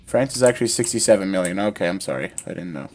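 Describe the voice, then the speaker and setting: A man's voice: low voice, lively intonation, quick pace, a little mellow, a little hiss or hum. A man live-streaming a game from home, chatting casually and cracking jokes with lots of swearing. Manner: joking and profane. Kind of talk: casual gaming chat.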